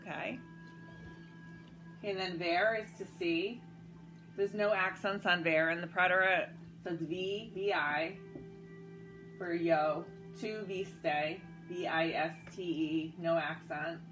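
A woman with a low voice leads a guided-notes grammar lesson. She spells words out one letter at a time, patient and methodical, with the odd "um" and self-correction. Faint music plays quietly behind her. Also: slow pace, poor audio. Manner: relaxed with fillers and self-corrections. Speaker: Spanish teacher.

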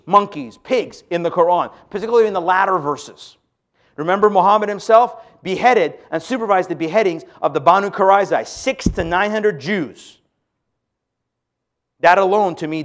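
A man with a high voice lectures a live audience as a pastor. He pushes key points hard, then drops to hushed asides. He keeps turning to the crowd with rhetorical questions. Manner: animated, swings between loud emphasis and hushed asides.

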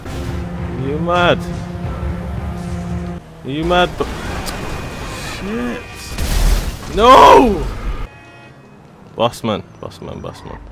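A man, loudly commentating on a game with bursts of shouting and swearing. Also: on the high side, slow pace, long pauses. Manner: slangy, loud outbursts and swearing. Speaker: gaming video host. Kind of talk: excited gameplay commentary. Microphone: desktop USB microphone. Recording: game music playing under voice. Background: game music and sounds.

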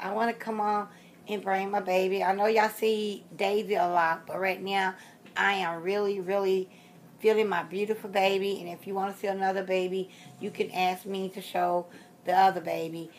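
There's a little hiss or hum as a sixtysomething reborn doll vlogger rambles casually to her viewers, saying things twice and fading out with fillers. She speaks at a normal speed, with a medium pitch and fairly even intonation.

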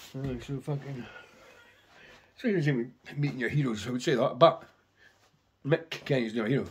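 Over slight background noise, a man with a mid-range voice casually rambles through anecdotes about his record collection, swearing constantly.

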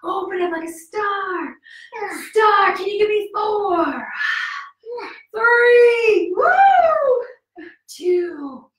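A high-voiced woman leads a children's yoga class, upbeat and coaxing, counting out moves and cheering, a bit breathless from the exercise. She sounds distant in an echoey room. Her delivery is very slow with long pauses and a slightly bright tone.

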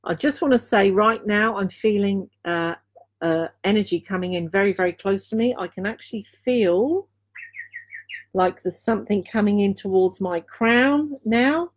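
A woman from Dorset, England, gives a live intuitive card reading in a mid-range voice. She speaks earnestly, returning again and again to key phrases and pausing on fillers as she feels her way through the reading. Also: mid-range voice. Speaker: intuitive reader and healer.

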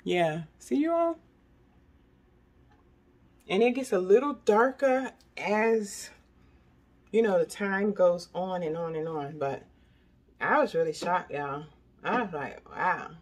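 Chatty older woman with a husky voice. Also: fairly low pitch, lively intonation, slow, pauses often. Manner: chatty, repeats herself, keeps addressing viewers as y'all. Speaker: beauty product vlogger. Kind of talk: casual product review chat.

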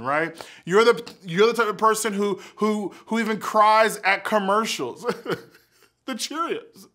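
A young adult man speaking as a youth leader to camera, telling stories in an excitable, animated way. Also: high-pitched. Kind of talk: casual youth talk to camera.

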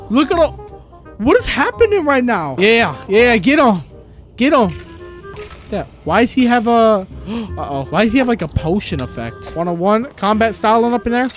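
A young man giving casual, jumpy gameplay commentary, full of slang, gasps and exclamations. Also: high voice. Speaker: gaming video creator.

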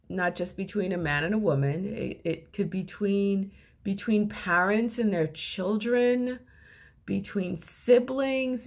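A middle-aged woman shares relationship advice in a casual monologue. Her voice is slightly husky, and her pitch rises and falls freely as she tells her stories. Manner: animated storyteller with lively pitch swings.

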